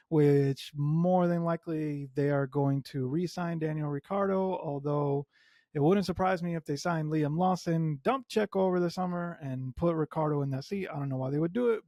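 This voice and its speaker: A man hosting a solo motorsport podcast, a native Spanish speaker talking in English, animated and emphatic with strong opinions. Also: on the high side, no echo, studio quality. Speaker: podcast host.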